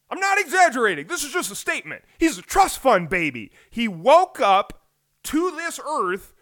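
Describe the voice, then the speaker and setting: A man riffing through a solo podcast monologue, his voice pitched high and leaping all over the place. He fires off rhetorical questions, going loud one moment and hushed the next. The sound is dry and close, with no room echo. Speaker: podcast host. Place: home on the US West Coast.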